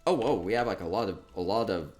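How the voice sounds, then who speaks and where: A man chatting casually through a tour of a game, upbeat and quick to repeat himself, with soft laughs between remarks. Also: lowish voice, animated, faint music behind. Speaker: gaming streamer touring player-built homes. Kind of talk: casual gameplay commentary.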